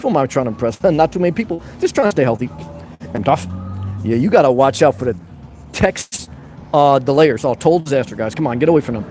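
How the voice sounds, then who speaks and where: A brash, jokey man chats fast and loose on a livestream, reading viewer comments and riffing on them with crude humor. His voice sits a little high for a man, and the delivery rattles along at a quick clip. A faint hum of background noise runs underneath. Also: darkish tone. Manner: talks to viewers as brother and guys. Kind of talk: casual live chat.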